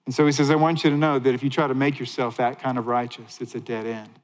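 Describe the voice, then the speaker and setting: A man preaching a sermon as a pastor, animated, rising to excited highs and dropping to hushed lows. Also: quick pace, long reverb tail, low-quality recording.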